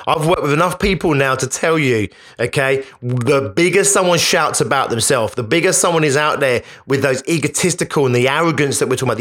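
A man with a mid-range, slightly bright voice hosts a podcast. He delivers an emphatic, conversational motivational monologue that often repeats itself.

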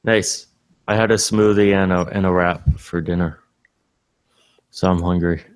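A man's voice: deep voice, steady tone, a little slow, clear, resonant tone, dry recording. A man co-hosting a podcast from a hotel room, chatting casually in a joking, offhand way. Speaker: podcast co-host. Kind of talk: casual chat.

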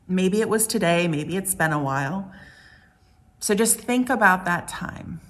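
A woman pastor giving a gentle, reflective sermon, asking the congregation many questions. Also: fairly low pitch, animated, unhurried.

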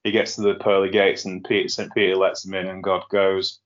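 A man's voice: deep voice, completely flat delivery, fairly quick. A man hosting a casual podcast, chatty and rambling, often laughing at his own jokes. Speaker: podcast host. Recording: lo-fi muffled sound.

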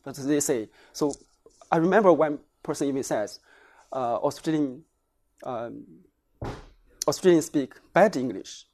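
Man, academic lecturer, mid-range voice, hesitant delivery with frequent pauses. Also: mid-range voice, animated, a little mellow. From China. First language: Chinese. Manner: halting, many hesitations. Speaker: academic researcher presenting findings. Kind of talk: lecture presentation.

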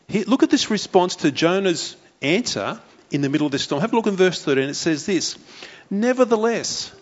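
A man preaching a sermon, telling a Bible story with animated flair and briefly voicing its characters. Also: on the high side, brisk. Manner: animated storytelling, acting out the sailors' voices. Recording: dull lo-fi recording.

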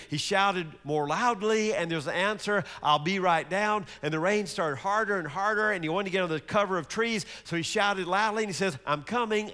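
A man's voice: high-pitched, smooth. Preaching man with a long hall echo. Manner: swings from lively storytelling to slow, hushed emphasis. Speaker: pastor. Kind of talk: sermon.

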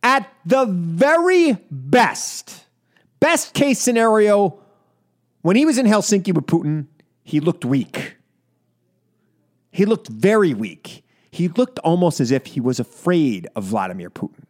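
A man's voice: high-pitched, big pitch swings, unhurried. A man hosting a political talk radio show, delivering an indignant, emphatic monologue with lots of repetition. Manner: indignant, emphatic, repeats for effect.

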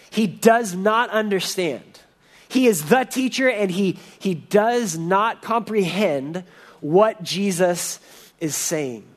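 A male preacher delivering an expository sermon in an earnest, emphatic way, often restarting his sentences. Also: high voice.

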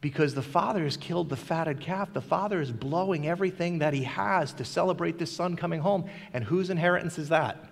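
A man's voice: a little high, fairly quick, creaky, few pauses. A male pastor preaching a sermon to a congregation, animatedly acting out the characters' lines as he tells the story. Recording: long hall reverb.

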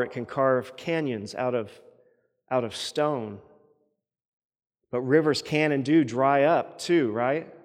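A man's voice: mid-range voice, long reverb tail. A man preaching a sermon as pastor, earnest and often repeating words as he builds each point.

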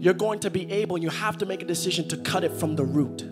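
Impassioned high-voiced male preacher. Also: quick pace, over loud music. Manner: repetitive, building to loud shouted peaks; engages the congregation directly. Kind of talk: sermon. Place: church hall with a congregation.

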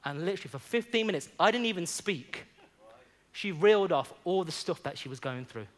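A man's voice: high-pitched, animated, fairly quick. A man preaching a sermon, telling a personal story and then urging the congregation on with rising fervor. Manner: storytelling that builds into fervent exhortation.

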